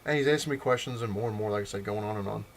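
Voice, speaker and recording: A man tells a rambling story on his home vlog in a lowish voice. He keeps laughing at his own jokes. A faint background hum sits under the recording. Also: racing. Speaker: vlog host.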